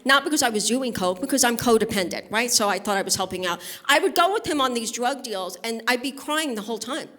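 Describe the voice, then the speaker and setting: A slightly high, animated woman's voice races along with few pauses and a bit of brightness. The speaker, a Brooklyn, New York stand-up comic, works the crowd and tells bawdy stories in a brash, chatty set on stage at a live benefit.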